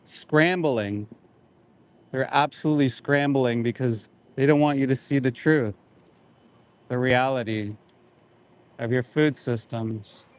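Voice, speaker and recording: A Canadian animal rights activist in his forties livestreams from beside a road, offering live outdoor commentary. His mid-range voice moves slowly with frequent pauses, and he sounds somber and indignant, repeating short phrases.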